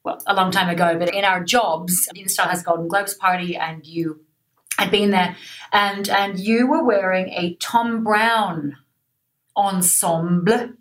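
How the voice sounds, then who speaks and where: A woman's voice: mid-range voice, a little slow. Playful woman interviewer. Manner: lively, playful questioning. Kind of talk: casual interview chat.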